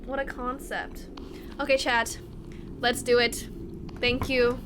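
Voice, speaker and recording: A woman's voice: fairly high pitch, flat delivery, takes it slowly, noisy background. A woman streaming live, chatting casually and talking straight to her chat. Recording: music playing clearly behind her.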